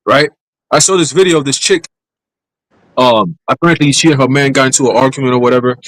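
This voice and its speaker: A man's voice: fairly high pitch, no room sound, rough recording. A man talking bluntly and profanely in a casual group chat. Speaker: discussion participant.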